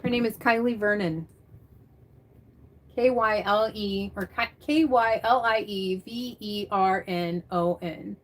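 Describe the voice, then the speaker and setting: Woman, livestream chat, mid-pitched, rambling, answers comments. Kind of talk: casual chat reading live comments.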